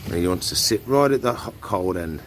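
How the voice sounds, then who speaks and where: A man, a reptile keeper chatting casually through animal checks and coaxing the animals in a soft voice. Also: low-pitched, lively intonation, brisk, slight background noise. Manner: chatty, talks softly to the animals. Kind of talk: casual animal care vlog.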